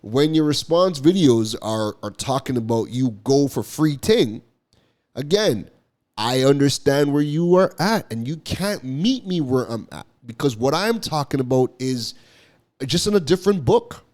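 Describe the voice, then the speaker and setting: A man's voice: mid-range voice, lively intonation, a little slow, a little mellow. A man from Toronto with a Toronto accent, giving emphatic commentary to camera as a marketing content creator, repeating his points and asking "right?" often. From Toronto, Canada.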